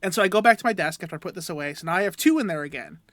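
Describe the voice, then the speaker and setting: A man's voice: high-pitched, lively intonation, racing, fairly bright tone, no echo. Rambling, laughing young man, dry mic. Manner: rambling, self-deprecating, laughs between sentences. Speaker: podcast co-host. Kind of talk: casual storytelling chat.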